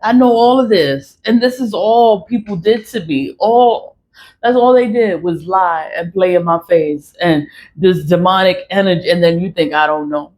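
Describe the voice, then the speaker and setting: In a casual to-camera monologue, a woman with a lowish, somewhat mellow voice speaks at a moderate pace about spiritual cleansing. Her delivery is blunt and profane, broken up by laughter, and the recording quality is low.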